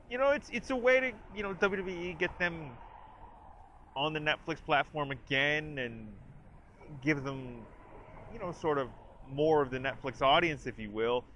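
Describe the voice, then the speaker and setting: Male host, casual trailer review, chatty, bright forceful tone, faint background noise. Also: on the high side. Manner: chatty, lots of "like" and restarts; animated retelling with quoted lines.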